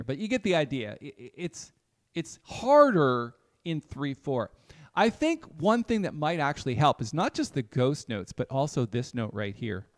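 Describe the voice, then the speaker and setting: A man teaching jazz piano in a live online lesson, talking in a relaxed, thinking-aloud way and counting beats aloud as he plays. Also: mid-range voice. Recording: piano playing behind the voice. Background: piano music.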